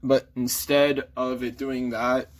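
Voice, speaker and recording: A man's voice: mid-range voice, little pitch movement, takes it slowly, a crowd in the background. A man casually reviewing a toy figure in an easygoing, mild way, shrugging off small flaws. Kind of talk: casual chat.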